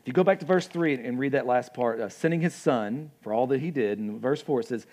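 A young adult man preaching a sermon as pastor, conversational and animated, with asides and acted-out quotes. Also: mid-range voice, fairly quick.

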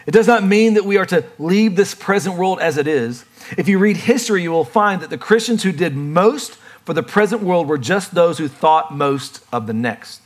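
Male pastor, slightly higher voice, chatty lively sermon delivery with playful acted-out bits. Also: moderate pace.

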